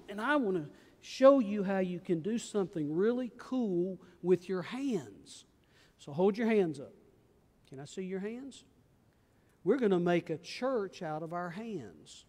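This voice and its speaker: A man, a pastor gently coaxing small children through a children's message during a church service. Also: sits high. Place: large church sanctuary. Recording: long church reverb.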